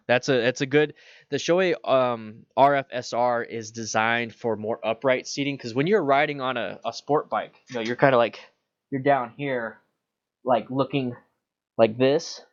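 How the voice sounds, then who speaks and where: A man's voice: medium pitch, dry recording, muffled recording. A man hosting a casual livestream Q&A about motorcycles, chatty and loose, reading viewer questions aloud. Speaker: motorcycle channel host.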